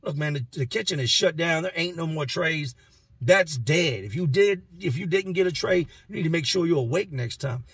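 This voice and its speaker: A man's voice: fairly high pitch, lively intonation, normal speed, fairly bright tone, breathy edge, no echo, studio quality, far from the mic, voice pushed up, full character voice. A man voicing a stern prison guard who is tired of dealing with an inmate, with curt, dismissive talk.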